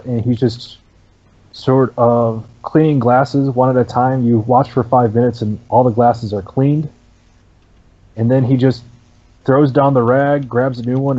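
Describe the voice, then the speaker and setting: A man's voice: medium pitch, mellow, highs cut off. A man narrating as game master for a tabletop game, casual and full of fillers. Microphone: online voice chat mic.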